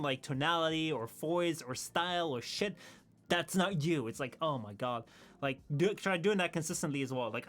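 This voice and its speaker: A man's voice: a little high, a bit bright. A young man streaming and chatting casually, rambling and laughing often at himself. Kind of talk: casual chat.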